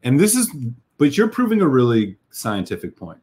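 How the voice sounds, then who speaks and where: A man's voice: medium pitch, huge pitch swings, moderate pace, darkish tone. A man hosting a casual live whisky tasting, talking enthusiastically with many fillers and restarts. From United States. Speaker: whisky reviewer host.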